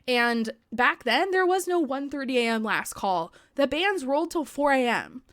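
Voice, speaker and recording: Here a young woman podcast host talks freely and casually, dropping "like" all the time and swearing without hesitation into her podcast microphone. She speaks high, animated and fairly bright at a normal speed. It's studio-quality audio with no echo.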